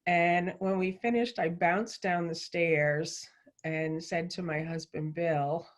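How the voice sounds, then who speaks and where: A woman's voice: on the low side, fairly even intonation, slow pace. A woman hosting a weekly livestream show, chatty and enthusiastic as she tells a story and welcomes viewers. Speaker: show host.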